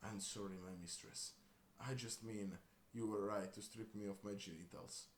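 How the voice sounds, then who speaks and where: A man's voice: on the low side, fairly even intonation, normal speed, natural voice. Man doing a meek groveling servant. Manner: meek, apologetic, subdued. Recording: roomy room with faint hiss.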